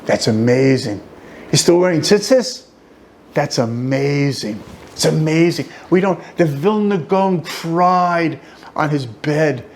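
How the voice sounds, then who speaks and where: Animated, joking rabbi teaching a class. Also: male voice, a little high, slight background noise. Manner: animated, joking storyteller with asides. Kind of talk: informal lecture. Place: study hall.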